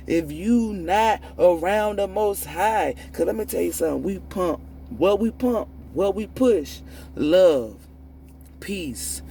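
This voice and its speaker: A woman's voice: on the low side, mellow, slight background noise. A woman tarot reader delivering a profane, preachy spiritual rant, emphatic and prone to repeating and restarting words when fired up. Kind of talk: ranting spiritual monologue.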